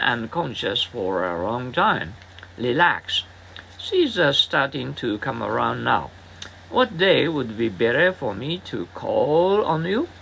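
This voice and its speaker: A man reading English example dialogues aloud as a teacher, in a halting way with frequent hesitation fillers. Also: medium pitch, vocal fry, fairly bright tone, a little hiss or hum, poor audio.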